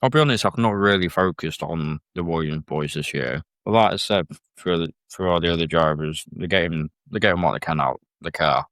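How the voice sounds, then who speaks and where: A man with a very deep voice chatting as a podcast guest, speaking plainly and pausing with fillers. The sound is dry and close, with no room echo. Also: fairly bright tone. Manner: plain-spoken, hesitant, with fillers. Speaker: guest presenter. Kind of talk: casual podcast chat.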